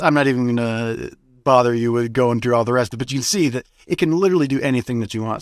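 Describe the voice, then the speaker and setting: A man hosting a casual tutorial, explaining steps in a relaxed, plain-spoken way with frequent "uh" fillers. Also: mid-range voice, quick pace, hardly any pauses, no room sound, studio quality. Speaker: tutorial host. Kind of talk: casual screen-recorded tutorial.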